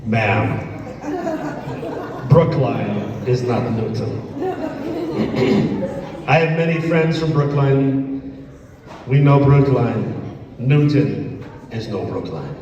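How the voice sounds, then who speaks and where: A man playing a bumbling, timid security guard in an amateur stage comedy, hesitant and halting. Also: medium pitch, very animated, a crowd in the background. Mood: dismissive. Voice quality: hesitant, halting, full of fillers. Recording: dull, echoey hall from far off.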